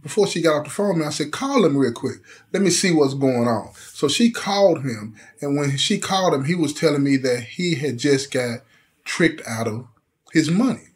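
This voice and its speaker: A middle-aged man casually telling a story from his time in prison, full of street slang and frequent "you know what I'm saying" asides. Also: medium pitch.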